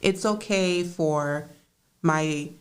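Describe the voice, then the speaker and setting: Animated, laughing woman. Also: sits low, very slow. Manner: animated storytelling, laughs often, acts out quotes. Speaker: therapist, podcast co-host. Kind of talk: casual chat.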